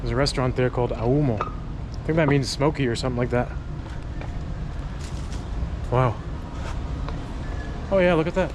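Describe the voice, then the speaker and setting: A man narrates his walk outdoors in a loose, chatty way, thinking aloud as he goes. His voice sits at an ordinary middle pitch. Street noise and passing traffic come through clearly behind him. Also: moderate pace, pauses often. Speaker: travel vlogger. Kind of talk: casual walking vlog narration. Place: outdoors on city streets and hill paths.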